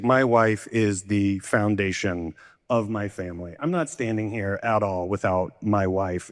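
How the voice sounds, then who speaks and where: A man performing a stand-up comedy set, self-deprecating, often jumping up in pitch to play the people in his stories. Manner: self-deprecating, jumps into high-pitched voices for quoted people. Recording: echoey hall reverb.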